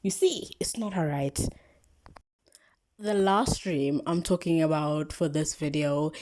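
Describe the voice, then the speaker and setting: A woman's voice: sits low, slow, a little hiss or hum. Slangy young South African woman storyteller. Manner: animated, slangy storytelling with many fillers. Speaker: vlogger. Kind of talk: casual storytime.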